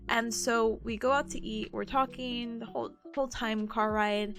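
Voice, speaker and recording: Brief: twenties woman streamer, slightly high voice, lively storytelling, faint music behind. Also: normal speed. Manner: animated, acts out quoted people. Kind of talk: casual storytelling chat.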